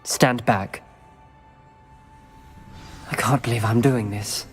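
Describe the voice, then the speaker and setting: A man voicing a serious young wizard in a video game, speaking in a calm, measured way. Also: medium pitch, lightly acted. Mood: grave. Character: serious young male wizard, wary of dark magic. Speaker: game character, a student wizard. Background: game music.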